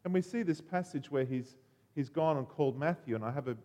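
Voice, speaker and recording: A man preaching a sermon, telling a story in an animated way and acting out the voices. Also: on the high side, a little fast, long reverb tail.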